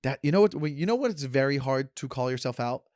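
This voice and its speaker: A man's voice: medium pitch, lively intonation, quick pace, a little mellow, no echo, studio quality. A man in his thirties hosting a podcast, sarcastic and joking as he wanders from tangent to tangent in casual chat. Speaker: podcast host. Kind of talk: casual rambling monologue.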